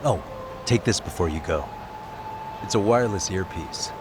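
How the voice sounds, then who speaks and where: A calm, reassuring detective. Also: male voice, low voice, normal speed, background noise. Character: steady male detective, supportive and calm.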